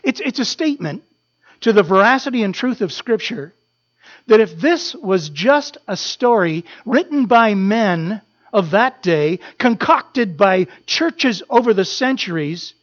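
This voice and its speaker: A preacher delivering a sermon with impassioned repetition, building up and falling to a hush. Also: medium pitch, expressive, unhurried, dull audio. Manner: impassioned, repetitive, swelling then dropping to a hush.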